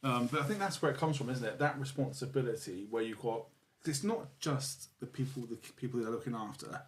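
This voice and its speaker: A man's voice: mid-range voice, brisk. A man co-hosting a casual podcast chat, joking and teasing as he talks. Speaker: podcast co-host.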